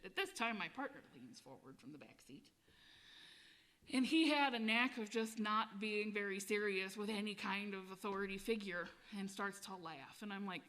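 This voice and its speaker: A woman's voice: medium pitch, a little fast, fairly bright tone. Laughing, profane woman singer telling a story. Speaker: singer-songwriter. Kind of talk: casual storytelling between songs.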